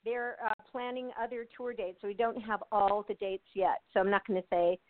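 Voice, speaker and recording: An older American actress, appearing as an interview guest, chats casually over a tinny, dry phone line. Her medium-pitched voice stays fairly even and runs a little fast, and she laughs often, with plenty of fillers and restarts.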